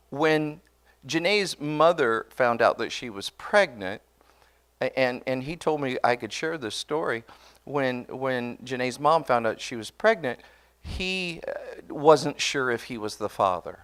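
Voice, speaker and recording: A man preaching in a plain, mid-pitched voice, walking the congregation through a personal story. His delivery is loose and conversational, with frequent restarts and asides to the people in front of him. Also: animated, slow pace, fairly bright tone, smooth. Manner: conversational and earnest, often restarting words; addresses the congregation directly. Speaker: pastor. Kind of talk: sermon told as a personal story.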